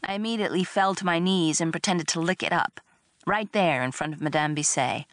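A woman reading a first-person story aloud in a wry, expressive narration. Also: fairly low pitch, a little fast, no echo. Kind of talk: audiobook narration.

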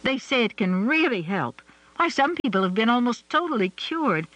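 A bubbly, insistent woman cousin, full of eager advice, as a male narrator puts her on. Her voice is high and bright, and the reading sounds close and dry. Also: sing-song, normal speed, dry recording, full character voice, poor audio. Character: chatty eager woman cousin, pushy helper.

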